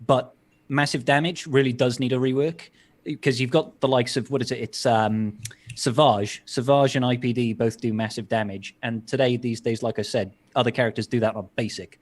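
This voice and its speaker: A man answering questions on a live gaming panel in a relaxed way, pausing and sighing as he thinks. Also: mid-range voice. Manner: relaxed, sighs while thinking, laughs. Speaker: guest panelist. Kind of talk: casual live game chat.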